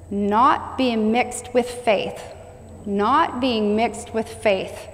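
A woman with a fairly high voice preaches a sermon in call-and-response style. She repeats key phrases and has the congregation say them back. Her voice rings with a long hall reverb.

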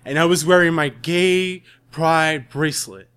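Bright, earnest male storyteller. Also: a little high, measured pace, smooth. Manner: earnest, dramatic. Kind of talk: live storytelling.

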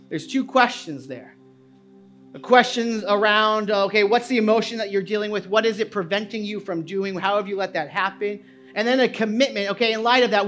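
Impassioned man preaching a sermon. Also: sits high. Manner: swings from hushed confessional to loud impassioned preaching. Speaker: pastor. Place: church sanctuary.

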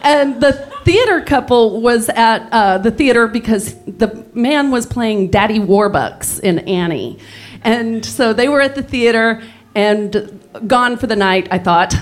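A woman's voice: fairly high pitch, measured pace. A woman telling a comic personal story, often laughing through her words and restarting her sentences. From Texas.

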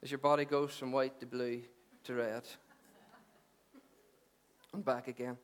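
A man's voice: mid-range voice, little pitch movement, unhurried. A middle-aged man preaching a sermon, conversational and joking at first, then earnest and emphatic. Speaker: pastor.

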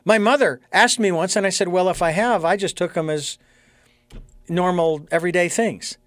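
A man hosting a casual talk show, animated, acting out both sides of arguments and quoting scripture. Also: high-pitched, moderate pace, no room sound. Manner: animated, quotes scripture, acts out dialogue. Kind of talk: casual conversation.

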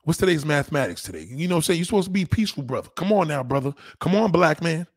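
Mocking a viewer's comment, a man on a live stream launches into a heated, profane rant, repeating things for emphasis, his pitch leaping up when indignant. He talks very fast and animatedly, and the studio sound is clean with no echo.

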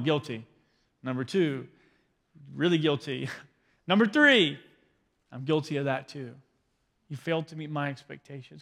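A man's voice: high voice, fairly bright tone, long reverb tail. A man in his thirties, a pastor preaching a parenting sermon in a conversational, joking way, often asking the crowd questions. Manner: conversational, asks the crowd questions, self-deprecating humor.

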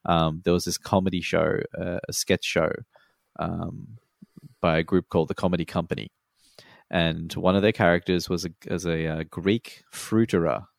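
Aussie guy, really low gravelly voice, laid-back swearing chat. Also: steady tone, normal speed, no room sound, clean studio sound. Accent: Australian. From Australia. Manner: laid-back, swears freely, laughs often. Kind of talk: casual chat.

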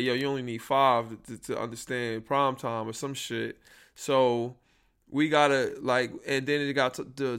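Slangy young man podcasting with gravelly voice. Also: medium pitch, fairly bright tone. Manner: rambling, troubleshooting audio live, slangy. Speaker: podcast host. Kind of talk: casual solo podcast chat. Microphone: built-in computer microphone.

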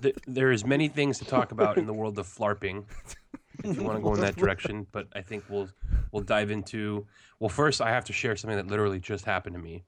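A man's voice: on the low side, steady tone, fast. A man hosting a podcast from home, telling a rambling, profane story in casual chat. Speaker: podcast host. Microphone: home computer mic.

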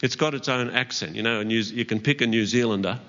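A pastor preaches earnestly to his church in the auditorium, adding light laughs and asides to the congregation. He talks fast in a mid-range voice with a fairly bright tone, and the recording is dull, with the long reverb of a church hall.

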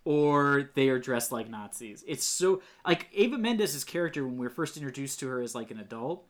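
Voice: mid-range voice, animated, fairly quick. A podcast co-host picking apart a bad movie in casual, rambling banter full of fillers. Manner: critical, rambling with many fillers.

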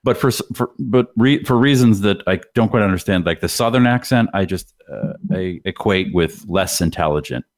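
Low-voiced New England man, rambling. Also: animated, normal speed, hardly any pauses, no room sound, clean studio sound. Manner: rambling, restarts often. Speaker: podcast host. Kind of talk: casual podcast chat.

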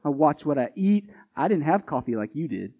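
Man doing a wry skeptic from the pews, fairly high, muffled recording. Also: very animated, fairly quick. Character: skeptical, defensive male churchgoer.

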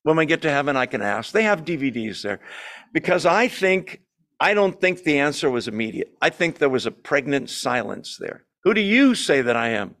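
A man with a fairly high voice leads a Bible study for a small group in a church room. His teaching is conversational and lively. He keeps asking the group questions and slips in dry humor. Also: normal speed. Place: church meeting room with a Zoom audience.

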